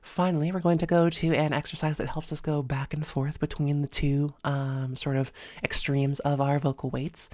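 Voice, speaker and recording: A woman voice coach giving an instructional lesson in a calm, measured way, with frequent "sort of" and "um" fillers as she explains exercises. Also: low voice, no echo, studio quality. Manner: demonstrates sounds with their own voice.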